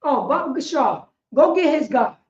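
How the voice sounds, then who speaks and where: A woman with a New York accent teaching a religious class in a loud, impassioned street style, shouting and swearing as she speaks. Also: sits high, lively intonation, moderate pace. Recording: roomy, dull lo-fi stream audio.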